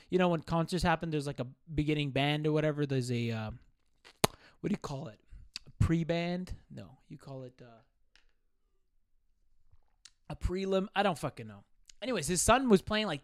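A young man hosting a solo podcast, telling a rambling, profane, animated story. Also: fairly high pitch, smooth, no echo, studio quality. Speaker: podcast host. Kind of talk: casual solo podcast monologue.

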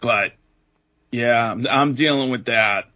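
A man's voice: medium pitch, slow. A man telling a story on a casual podcast, swearing a lot. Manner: animated, heavy swearing. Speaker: podcast co-host. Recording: dull lo-fi podcast audio.

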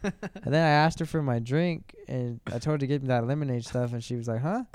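A man's voice: mid-range voice, brisk, clean tone. A young man telling stories in casual chat with friends, acting out what people said. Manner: animated storytelling, acts out quotes.

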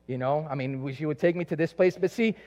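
A man from South America preaches in a loose, storytelling style, full of asides and fillers. His voice sits high, and the recording is muffled and lo-fi. A long echo hangs in the hall around him. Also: quick pace. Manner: conversational and animated, many asides and fillers. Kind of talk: sermon with personal storytelling. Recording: echoey hall, dull lo-fi sound.

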